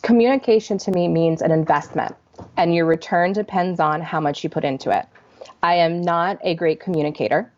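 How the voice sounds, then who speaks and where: A woman answering interview questions in an earnest, candid, measured way. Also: lowish voice, lo-fi sound. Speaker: manufacturing support leader, interview guest.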